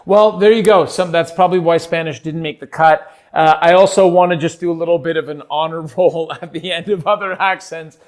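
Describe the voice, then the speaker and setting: Playful, slightly high-voiced male podcast host. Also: steady tone, a little fast, hardly any pauses. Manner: playful, self-deprecating. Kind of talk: casual solo podcast.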